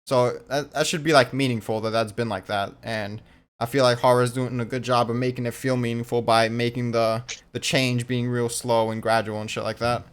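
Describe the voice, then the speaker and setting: A man's voice: mid-range voice, level tone, moderate pace, clear, resonant tone. A man in a casual fan discussion, talking animatedly with lots of fillers and casual swearing.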